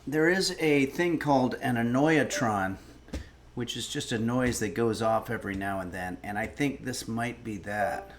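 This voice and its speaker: A man's voice: medium pitch, unhurried. A man hosting a casual cooking livestream, rambling and wry, swearing when irritated. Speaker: cooking stream host.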